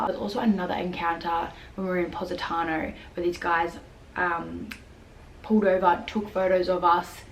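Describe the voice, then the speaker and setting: A young woman tells a story in a chatty vlog, peppering her talk with "like" and acting out what others said. Her voice sits a little low. The room is echoey, with a faint hum of noise behind her. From Australia. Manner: chatty, lots of "like" fillers, acts out quotes. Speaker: vlogger.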